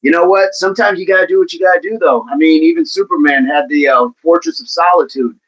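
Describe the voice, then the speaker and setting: A man's voice: a little high, fast. Upbeat man hosting a fitness livestream, lo-fi audio. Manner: upbeat, chatty, playful shout-outs to viewers. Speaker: livestream host of a fitness channel. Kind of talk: casual livestream chat, reading out viewer comments.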